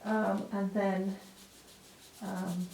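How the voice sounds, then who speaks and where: At her easel, a woman art teacher draws out her words in a dark, medium-pitched voice that barely moves in pitch. She chats through the demonstration with many fillers and apologetic asides, captured from afar in a roomy space with faint noise.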